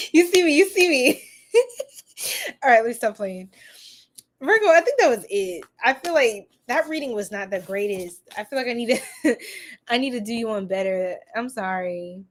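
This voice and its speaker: A woman's voice: mid-range voice, lively intonation, moderate pace. A woman with a New York accent, hosting a tarot reading livestream and chatting casually with viewers in a goofy, giggly way. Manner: goofy and giggly, laughs often. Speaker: tarot reader host.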